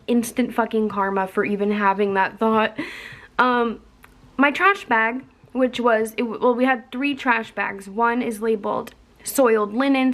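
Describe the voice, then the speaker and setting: A young woman telling a candid, profane story in a casual vlog. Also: fairly high pitch. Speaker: vlogger.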